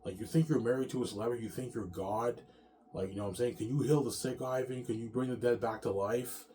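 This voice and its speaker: A man's voice: mid-range voice, fairly even intonation, fast talker, warm tone, pitched above the performer's own voice, natural voice. A man imitating his younger stepbrother, who scornfully questions him and challenges his claims. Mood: mocking. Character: mocking skeptical younger stepbrother.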